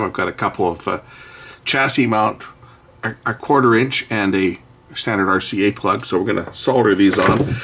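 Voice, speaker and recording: A middle-aged man casually demonstrating an electronics board, relaxed and explanatory with frequent pauses and fillers. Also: lowish voice, husky. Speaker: electronics hobbyist channel host. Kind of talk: casual hands-on product demo.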